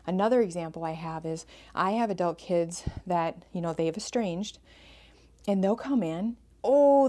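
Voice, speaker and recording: Earnest woman with a mellow voice. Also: on the low side. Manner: earnest, repeats phrases for emphasis. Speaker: podcast host and family therapist. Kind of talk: advice podcast monologue.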